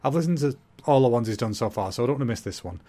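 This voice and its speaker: A young man, hosting a comedy podcast in a rambling, self-mocking monologue, talking quickly. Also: mid-range voice, expressive, dark tone.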